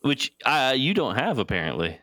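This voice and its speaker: A man's voice: medium pitch, big pitch swings, moderate pace, a bit bright, dry recording, studio quality. A man co-hosting a casual podcast, asking many questions and laughing often, on a new cheap mic. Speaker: podcast co-host. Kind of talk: casual chat.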